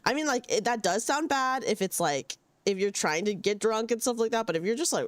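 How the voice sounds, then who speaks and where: A woman's voice: fairly high pitch, expressive, brisk, hardly any pauses, no room sound. A young woman chatting casually on a game stream, giggly and self-deprecating, speaking into a desk mic at home. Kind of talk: casual live-stream chat.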